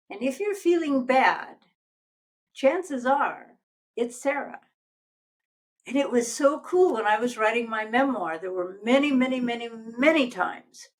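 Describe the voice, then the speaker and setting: An older woman who works as a life coach chats as a guest in a casual interview, telling stories animatedly and acting out voices. Her voice is fairly high-pitched, and the recording is rough.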